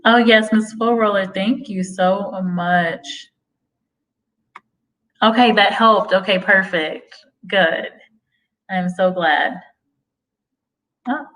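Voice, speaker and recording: A woman's voice: mid-range voice, slow, long pauses, fairly bright tone, poor audio. A young woman from the United States chatting on a live stream, reading viewer comments aloud and answering them. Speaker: livestream host. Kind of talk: casual livestream chat.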